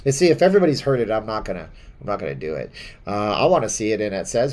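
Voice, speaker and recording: A man's voice: mid-range voice, sing-song, very fast, darkish tone. Rambling, chuckling male live-stream host. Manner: rambling and chuckling, with many fillers and restarts. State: stuffy from seasonal allergies. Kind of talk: casual live-stream chat reading viewer comments.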